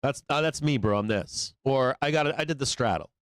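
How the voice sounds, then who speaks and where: A man's voice: medium pitch, a little fast, dry recording. A man hosting a live trading show, talking through the market in a blunt, rambling, profane way.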